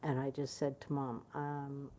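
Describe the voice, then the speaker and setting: A guitarist from Prince Edward Island, Canada, candidly recounts a personal family story, reenacting conversations as she goes. Her bass voice is dark, completely flat, and a little slow, with slight background noise.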